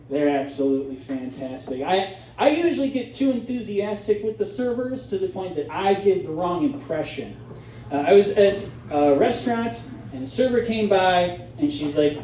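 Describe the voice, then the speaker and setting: A man's voice: sits high, moderate pace, slight background noise. A man doing a stand-up comedy set in a club, telling stories with comic voices. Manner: animated storytelling with comic voices. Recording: roomy club sound from a distance.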